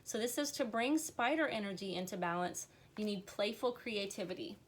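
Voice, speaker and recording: A woman's voice: medium pitch, normal speed. A woman giving an earnest, encouraging tarot reading on a live stream, on the verge of tears at times. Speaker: tarot reader.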